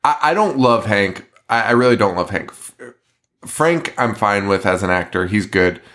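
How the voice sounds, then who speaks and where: A man's voice: fairly low pitch, animated, moderate pace, a bit bright. A man hosting a podcast in casual chat, swearing a lot and laughing often as he rants. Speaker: podcast host.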